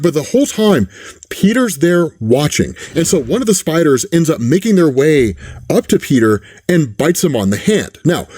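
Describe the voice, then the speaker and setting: A man talks through a comic story in casual, animated commentary, often checking in with the listener. His voice is fairly high, husky and recorded dry. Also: no room sound. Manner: animated, keeps asking "right?". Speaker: comic book reviewer.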